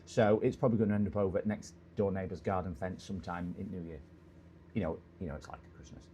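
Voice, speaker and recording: A man's voice: deep voice, fairly even intonation, quick pace, dull audio, a little hiss or hum. A middle-aged English man hosting a repair livestream, chatting casually and joking with viewers, rambling between topics. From England. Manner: rambling, jokey, greets chat warmly with bursts of loud hellos.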